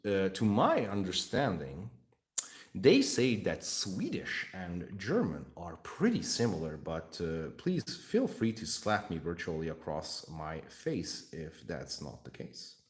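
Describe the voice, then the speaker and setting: A man's voice: low-pitched, wildly swooping pitch, takes it slowly. A young man chatting casually on a live stream while painting miniatures, rambling, jokey and swearing freely.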